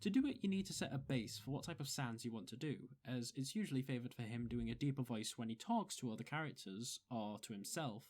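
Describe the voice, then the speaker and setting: Guest tutor, man; calm, methodical explainer. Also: mid-range voice, fairly quick, few pauses. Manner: methodical, instructive. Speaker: guest giving voice advice.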